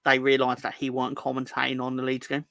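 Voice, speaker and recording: Sweary, sarcastic bright-voiced man. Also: medium pitch, monotone, fast talker, creaky, no room sound. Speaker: podcast co-host. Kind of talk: casual football fan chat.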